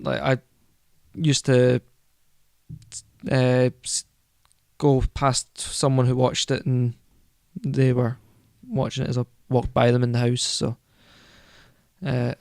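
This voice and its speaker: A man co-hosting a casual podcast chat speaks slowly in a slightly mellow, mid-range voice with vocal fry and little pitch movement. The studio sound is clean and dry, and he rambles enthusiastically, correcting himself as he goes.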